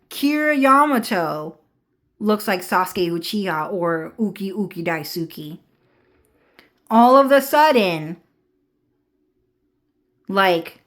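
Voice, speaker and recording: A woman in a rambling casual monologue to viewers. She swears freely and often checks in with "okay?". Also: medium pitch.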